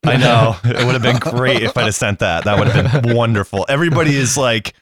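A man's voice: mid-range voice, fast talker, fairly bright tone, dry recording, studio quality. A man in casual chat, joking and telling his own story. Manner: joking, wisecracking.

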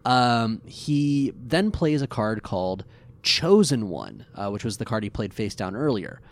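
A man co-hosting a podcast, casually recapping an episode in an animated, rambling way with fillers. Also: on the low side, measured pace, no room sound.

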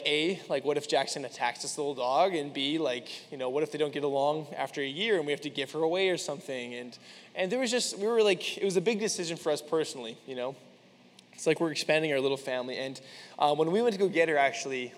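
Young guy preaching, chatty and earnest, kinda high voice, big echoey hall. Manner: chatty and earnest, lots of fillers. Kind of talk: casual sermon with personal stories. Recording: long hall reverb.

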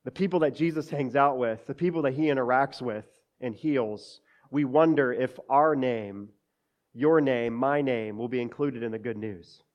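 A man's voice: medium pitch, moderate pace, darkish tone, lo-fi sound. A man preaching a sermon, talking to the congregation as church and dropping joking asides between scripture readings. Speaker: pastor.

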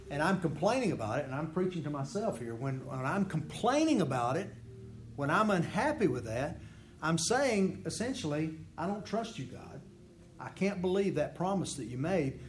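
A man's voice: a little high, darkish tone. A man leading a Bible study class, teaching in an earnest, conversational way and voicing prayers in the first person. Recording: echoey room with faint background noise.

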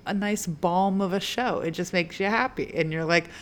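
A woman's voice: lowish voice, moderate pace. A woman co-hosting a podcast, chatting casually and musing aloud with many fillers. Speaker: podcast co-host. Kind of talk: casual chat.

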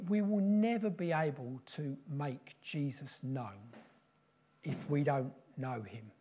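A man preaching a prophetic sermon in slow, solemn, repeated declarations. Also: a little high, dark tone.

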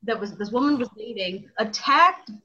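A woman's voice: fairly high pitch, lively intonation, moderate pace, bright, forceful tone, dull audio, slight background noise. A woman co-hosting a podcast in casual chat, rambling and giggly, making fun of herself. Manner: giggly, rambling, self-deprecating. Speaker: podcast co-host.

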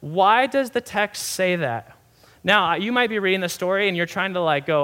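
A young man, a pastor, giving a sermon in a conversational, animated way with many asides. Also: sits high, normal speed.

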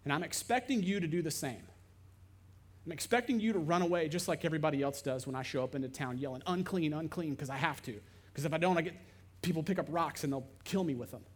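A man's voice: on the high side, fast, lightly acted. A man voicing a desperate, resigned male leper who begs to be accepted, in a dramatized sermon monologue. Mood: pleading. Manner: pleading, plain-spoken.

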